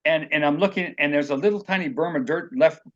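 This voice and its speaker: He talks fast with a voice on the high side, captured on dull audio. Being interviewed as an author, he tells personal stories earnestly and at rambling length, acting out people's words.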